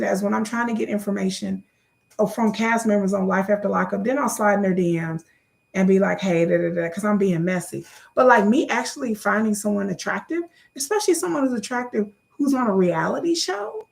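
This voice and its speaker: A woman chatting casually to her viewers, gossipy and animated, jumping into high exclamations. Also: fairly quick, gravelly. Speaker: YouTuber. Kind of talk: casual chat to camera.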